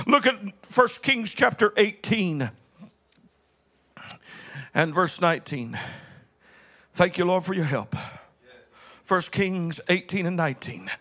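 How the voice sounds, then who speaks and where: High, bright-voiced preaching pastor. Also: male voice, sing-song, slow, pauses often. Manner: dramatic preaching that swings between shouting and low, quiet passages; folksy, playful storytelling with calls to the congregation. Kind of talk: sermon.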